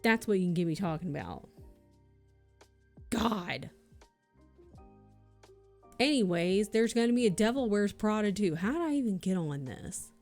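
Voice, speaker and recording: A woman's voice: medium pitch, darkish tone. A woman streamer chatting casually to her viewers, ranting and swearing freely. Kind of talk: casual livestream chat.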